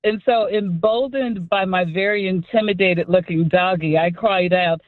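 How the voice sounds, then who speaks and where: A woman calling in to a radio show, telling a story in a lively way and acting out the people in it. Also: fairly low pitch, moderate pace, hardly any pauses, no room sound. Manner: lively storyteller who acts out the voices. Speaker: caller. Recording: tinny phone line.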